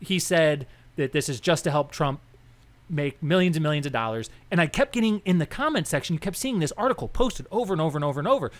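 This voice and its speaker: A man's voice: fairly high pitch, fast talker. Rambling young man telling podcast stories. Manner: rambling, animated storytelling with quoted dialogue. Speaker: podcast co-host. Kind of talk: casual political chat.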